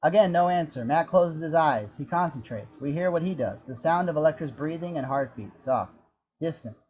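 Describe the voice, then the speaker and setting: A man's voice: fairly high pitch, moderate pace. Man narrating script directions, muffled audio. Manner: steady, descriptive storytelling. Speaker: narrator reading action description.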